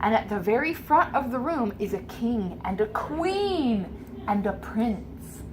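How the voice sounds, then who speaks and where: A woman runs a tabletop adventure for a child, narrating with animated, gently coaxing warmth. Her voice sits a touch higher than most women's, with a faint hum of ambience behind it. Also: unhurried. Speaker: game master.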